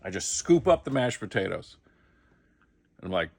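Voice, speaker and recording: A man's voice: fairly low pitch, very animated, normal speed, creaky, pauses often, a little mellow, no echo. A middle-aged man casually telling a comic behind-the-scenes story, acting out the quotes. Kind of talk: casual anecdote.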